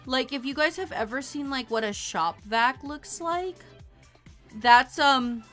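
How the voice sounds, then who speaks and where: A young woman streamer chatting casually on a livestream, telling a rambling, animated story and laughing often. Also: high voice, measured pace, soft background music.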